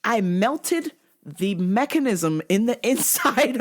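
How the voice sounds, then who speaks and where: A woman's voice: a little high, slow, very noisy. A young adult woman telling a comic story as a vlogger, swearing freely and breaking into shrieking laughter. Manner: profane, animated, bursts into shrieking laughter. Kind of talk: comedic storytelling rant.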